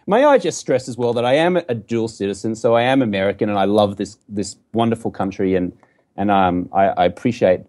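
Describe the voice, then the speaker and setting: Australian man, middle-aged, mellow, jokey podcast guest. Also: lowish voice, fast. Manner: jokey and animated, acts out quoted lines. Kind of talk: casual interview chat.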